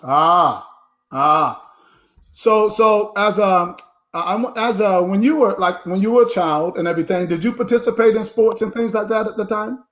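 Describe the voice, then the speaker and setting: Man, talk show host, high voice, curious questions, stumbling restarts. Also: a bit bright. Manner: inquisitive, halting with restarts.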